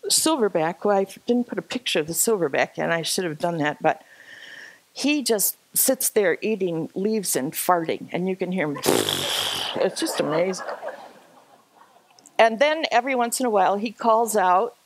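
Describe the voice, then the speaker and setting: A woman telling an animated, self-deprecating personal story at a church gathering, laughing often. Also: mid-range voice, moderate pace. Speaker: speaker sharing a personal story. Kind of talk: storytelling talk with slides.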